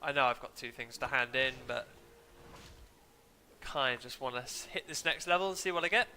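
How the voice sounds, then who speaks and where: A young man from England chats casually over his game stream in a wandering, droning way, joking at his own expense and sniffling with hay fever. His medium-pitched voice is fairly quick, pushed and bright. Slight background noise reaches the desk mic, which he sometimes mutes.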